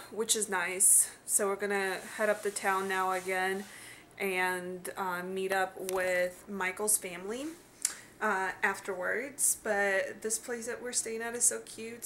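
A young woman with a Russian accent, rambling casually with many fillers as she vlogs around a city on a handheld camera. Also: medium pitch. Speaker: vlogger. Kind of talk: casual travel vlog narration. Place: around a city, indoors and outdoors. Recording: loud street and traffic noise.

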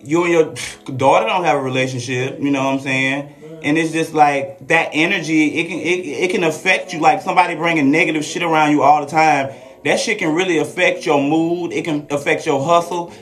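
A woman's voice: low voice, steady tone, a little fast. A transgender woman chatting frankly and profanely with viewers on a live stream. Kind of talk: casual live-stream chat. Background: faint classical Christmas music.

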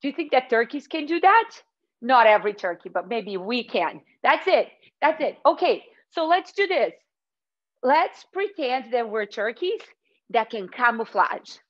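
A woman's voice: a little high, lo-fi sound. A young woman teaching a children's yoga class in a playful, sing-song way, calling out poses and animal sounds.

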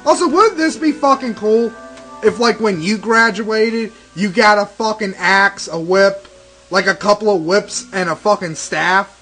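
A man's voice: high voice, measured pace, pushed and bright, rough recording. A young man doing profane, sarcastic let's play commentary, ranting and swearing constantly. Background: game music.

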